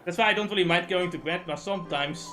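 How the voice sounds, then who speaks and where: Young streamer, male, tense bright delivery, sweary rant that drops to mumbles. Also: high voice, quick pace, faint music behind. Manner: profane, ranting, swings from loud to muttering. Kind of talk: casual venting on a game stream.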